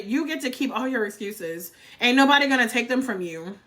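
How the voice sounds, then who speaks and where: Bright-voiced fired-up woman. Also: on the high side, animated, brisk, few pauses. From North Carolina, US. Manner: blunt, fired-up, swears freely, says y'all. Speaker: livestream host. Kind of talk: motivational livestream rant.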